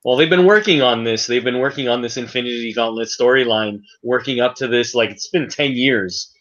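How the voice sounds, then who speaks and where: Upbeat guy agreeing along on a video call, mid pitch, muffled audio. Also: brisk, fairly bright tone. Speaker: guest. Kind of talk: casual chat.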